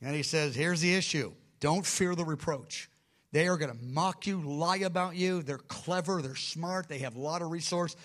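A man gives expository Bible teaching to a gathered community. His voice sits a little high, and he drives points home by repeating words. His delivery moves between brisk explanation and slow, stressed phrases. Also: fairly bright tone.

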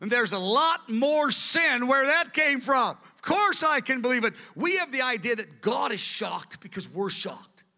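A man preaching a sermon with earnest, animated delivery, in a large hall. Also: very high voice, unhurried, few pauses. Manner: earnest, acts out quoted voices. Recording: long hall reverb.

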